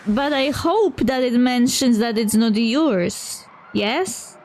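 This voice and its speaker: A woman with a high voice reads a game's story aloud on her stream, narrating scenes and voicing lines. She breaks off to comment in her own words between passages. Light music plays behind her. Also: slow pace, a little mellow. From Poland. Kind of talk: reading game dialogue aloud.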